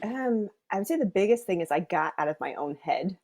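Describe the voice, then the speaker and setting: Woman guest, slightly low voice, candid and upbeat, video call interview. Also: lively intonation, brisk, a little mellow. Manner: candid, upbeat storytelling, laughs often. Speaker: guest client. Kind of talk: casual interview chat.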